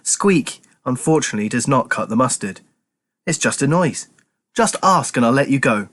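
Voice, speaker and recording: A man voicing a smug talking tomcat who is always quick to excuse himself in a storybook reading. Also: mid-range voice, expressive, a bit bright. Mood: self-justifying. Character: smug talking tomcat, male, adult, self-justifying.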